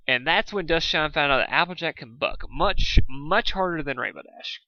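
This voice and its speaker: A man reading fan fiction aloud in a lively, dramatic storytelling way. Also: on the high side, moderate pace, no echo, muffled recording. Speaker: fanfic reader.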